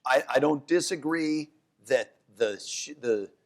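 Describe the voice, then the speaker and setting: A man, an economics professor, talking economics onstage at a live event, animated, often restarting his sentences. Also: a little slow. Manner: animated storyteller, jumps to high voices for quotes; restarts and self-corrections. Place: downtown event hall with live audience.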